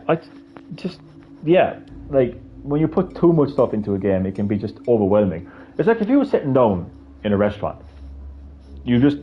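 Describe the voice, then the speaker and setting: A man's voice: medium pitch, dull audio. Rambling Irish man streaming games. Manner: rambling, swears casually, many restarts. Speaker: gaming livestreamer. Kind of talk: casual livestream chat.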